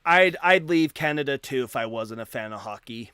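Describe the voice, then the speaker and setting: A man's voice: mid-range voice, lively intonation, normal speed, sharp tone, smooth, no room sound, studio quality. A man hosting a live debate stream, talking casually and animatedly, often repeating and restarting words. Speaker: livestream debate host.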